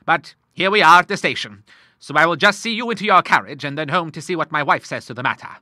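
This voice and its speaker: A man's voice: a little high, animated, quick pace, pushed and bright, dry recording, clean studio sound. A man reading an audiobook, voicing a hearty, blustering old retired navy admiral who talks in sea terms. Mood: bluff.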